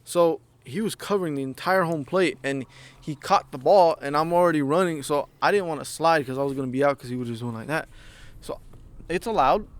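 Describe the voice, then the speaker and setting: A young man co-hosting a podcast, telling animated, profanity-filled stories and acting out what people said. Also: a little high, fairly quick, no room sound. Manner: animated storytelling, heavy swearing, acts out quotes. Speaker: podcast co-host. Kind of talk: casual chat.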